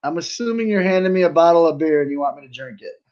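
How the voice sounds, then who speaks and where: A man, a pro wrestler, chatting casually as a podcast guest, laid-back and quick to laugh, with lots of "you know" in his talk. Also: fairly high pitch, animated, darkish tone, lo-fi sound.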